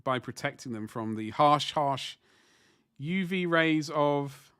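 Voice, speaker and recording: A man in his forties with a slightly higher voice, recorded close and dry with no room sound. He rambles in casual livestream chat, pokes fun at himself and answers the chat while painting miniatures at a hobby desk. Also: animated, takes it slowly, fairly bright tone, clear, resonant tone, dry recording. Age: 40s.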